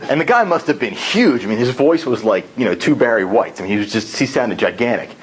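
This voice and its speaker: A man giving a tall-tale speech at a speaking club, telling it in an animated storytelling manner. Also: mid-range voice, fast talker, slight background noise, poor audio.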